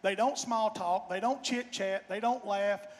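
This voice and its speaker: A man speaks as a bandleader on a festival stage, folksy and joking. His voice sits fairly high. The stage microphone carries it into a long, ringing reverb. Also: steady tone, unhurried. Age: 50s. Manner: folksy, joking, warm-hearted. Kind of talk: stage banter and storytelling.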